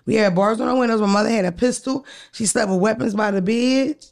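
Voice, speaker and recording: Gravelly-voiced woman chatting. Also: a little high, a little fast. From Philadelphia. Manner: animated, profane, storytelling with put-on voices. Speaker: podcast co-host. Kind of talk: casual chat.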